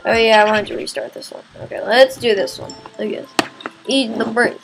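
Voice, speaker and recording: A young woman giving excitable let's play commentary, often yelling at the game. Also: on the high side, normal speed, vocal fry. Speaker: gamer. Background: game music.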